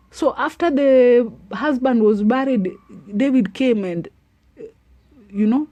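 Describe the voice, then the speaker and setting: A woman giving preachy, animated advice to women and retelling a Bible story. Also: fairly high pitch, no echo. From Africa. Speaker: advice vlogger. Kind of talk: motivational talk to women.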